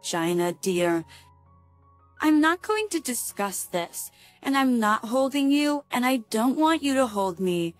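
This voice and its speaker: A woman voicing a calm, sarcastic betrayed husband in a spoken story. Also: on the high side, takes it slowly, dry recording, faint music behind.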